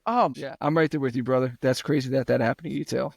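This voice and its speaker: This young adult podcast co-host talks fast in a gravelly, medium-pitched voice with fairly even intonation, recorded dry. His casual, cursing account of a home repair job includes acted-out quotes, and he breaks into loud rants when riled.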